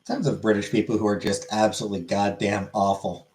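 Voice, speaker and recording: A man with a fairly low voice chats on a live stream and answers viewers' questions one after another. He talks in a loose, offhand way and swears freely. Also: fairly even intonation, a little fast, darkish tone, rough recording. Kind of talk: casual live stream chat.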